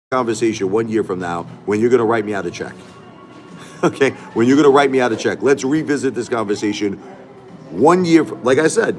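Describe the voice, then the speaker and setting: A middle-aged man hosting a casual livestream, talking back to his chat in an emphatic, repetitive way. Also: medium pitch. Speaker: livestream host.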